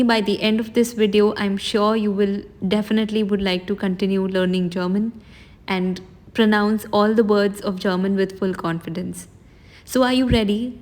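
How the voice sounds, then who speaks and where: A woman teaching a German lesson online, explaining patiently word by word and slowing down to stress each new word. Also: mid-range voice, darkish tone. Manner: slows and stresses the foreign words she teaches.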